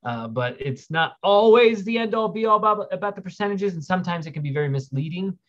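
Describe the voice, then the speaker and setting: A man's voice: high voice, animated, fast, fairly bright tone. A man hosting a casual livestream, rambling as he reads viewer questions aloud and answers them. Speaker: livestream host. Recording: dull lo-fi stream audio.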